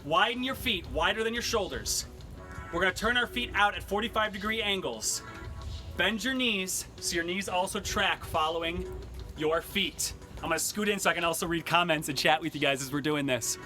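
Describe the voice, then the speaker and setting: A cheery man with a high, bright voice leads a workout class at an unhurried pace. He mixes cues with puns, and faint music plays behind him. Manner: upbeat, cheery, cracks puns. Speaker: fitness instructor. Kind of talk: live-streamed workout class with jokes. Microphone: camera mic he adjusts.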